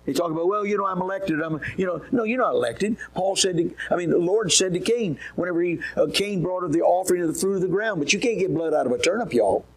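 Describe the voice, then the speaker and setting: A man's voice: high voice, quick pace, few pauses, rough recording. A man preaching a sermon in a folksy, emphatic way, often asking the listeners questions.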